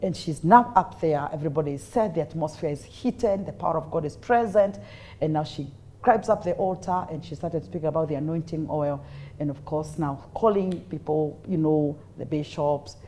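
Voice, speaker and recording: A woman with a Kenyan accent, a guest sharing her faith testimony in an interview as a dramatic, lively storyteller. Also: low-pitched, normal speed. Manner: dramatic, lively storyteller who mixes in Swahili phrases.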